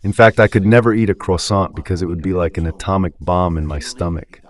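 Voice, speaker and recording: A man with a low voice delivers a loose, rambling commentary for a Catholic radio station. He talks informally and keeps throwing rhetorical questions at the listener. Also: fairly even intonation, brisk. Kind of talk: casual spoken commentary.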